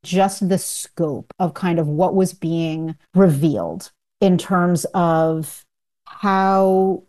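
A woman's voice: fairly low pitch, drawn-out words, warm tone. A woman policy expert giving interview comments, with thoughtful, searching phrasing.

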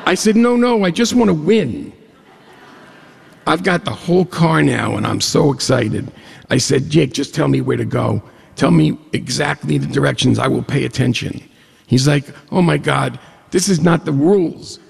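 A man telling a humorous personal story to an audience, animated, jumping up in pitch when he quotes dialogue. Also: moderate pace, vocal fry, slightly rough. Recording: long hall reverb.

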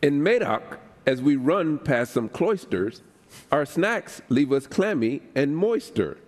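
A man on a radio quiz show reading comic limericks aloud in a deliberate, rhythmic way. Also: a little high, sing-song, a little mellow. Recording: long theater reverb.

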